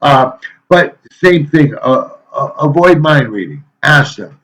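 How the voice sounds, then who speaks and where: A male teacher giving a casual, folksy lecture to his students, rambling a little with frequent pauses and filler sounds. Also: mid-range voice, expressive, a bit bright, poor audio.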